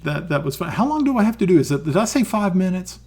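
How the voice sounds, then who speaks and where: A man's voice: high voice, big pitch swings, fast talker, darkish tone, husky. A man with a Southern American accent, chatting casually as a streamer and dungeon master, laughing often and swearing lightly.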